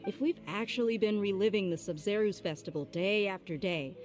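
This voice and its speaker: A woman's voice: medium pitch, brisk, darkish tone, faint music behind, natural voice. A self-assured young swordswoman from a video game, played by a woman, with a voice in the middle range. She speaks bluntly and plainly, and sounds sure of every point she makes. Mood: steady. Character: confident young swordswoman mercenary. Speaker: professional fighter.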